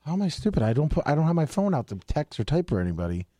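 A man on a radio show crew, talking quickly and defensively in casual studio banter. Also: fairly high pitch, sing-song, mellow, no room sound.

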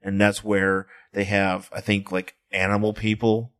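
A man co-hosting a casual chat about a comic, talking in an animated way, laughing often, swearing and acting out the characters in quick bursts. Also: on the low side. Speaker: podcast co-host.

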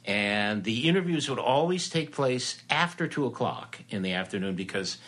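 A man's voice: medium pitch, lively intonation, moderate pace, a bit bright. An older man, an entertainment reporter, telling behind-the-scenes anecdotes in a chatty, rambling way with fillers and restarts. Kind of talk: casual storytelling interview.

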